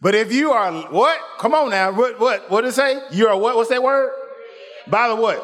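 A man's voice: high-pitched, a little fast. A man preaching a sermon in call-and-response style, pushing the congregation to answer him. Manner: animated, calls for congregation responses.

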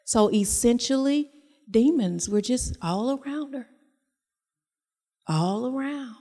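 A woman's voice: on the high side, animated, slow, warm tone, big-room sound. A woman preaching a sermon in a church, talking to the congregation and repeating her phrases. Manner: conversational preaching, repeats phrases, tells personal stories.

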